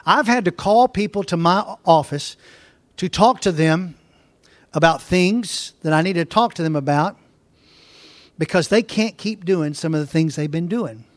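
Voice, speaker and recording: A pastor preaches in a folksy, storytelling way, his voice sitting notably high for a man. He slows right down when reading scripture aloud. The sound is close and dry, with no room echo. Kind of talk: sermon.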